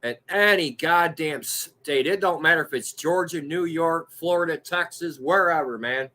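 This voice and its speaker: A man's voice: on the high side, moderate pace, pushed and bright. A man chatting casually and bluntly, heated and swearing freely. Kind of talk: casual profane chat.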